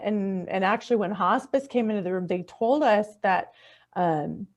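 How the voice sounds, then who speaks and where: A middle-aged woman telling a personal story in conversation, earnest and heartfelt, often restarting her sentences. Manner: acts out quoted speech in a higher, softer voice. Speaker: podcast guest.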